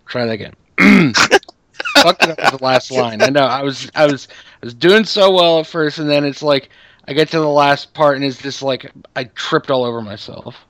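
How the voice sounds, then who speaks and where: A man's voice: medium pitch, a bit bright, no echo. A man co-hosting a podcast, talking casually, frustrated and swearing a lot. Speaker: podcast co-host. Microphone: close podcast mic.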